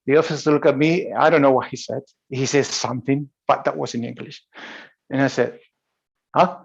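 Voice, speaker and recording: Speaking at normal speed in a steady, medium-pitched voice that's creaky and slightly rough, this Spanish-accented man from Spain shares a personal story as a high performance coach. The motivational talk is full of restarts and laughter, and the audio sounds dull.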